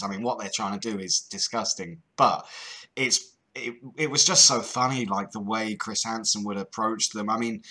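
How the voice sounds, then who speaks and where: Bright-voiced British man hosting calls. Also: lowish voice. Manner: chatty, laughing, stumbles over repeated words. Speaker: host of a call-in show. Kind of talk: casual chat with a caller.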